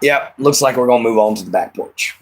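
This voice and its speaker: A man's voice: medium pitch, fairly quick, low-quality recording. A man hosting a casual home live stream, drawling and easygoing as he answers chat by name. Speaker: livestream host. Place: at home, moving to back porch.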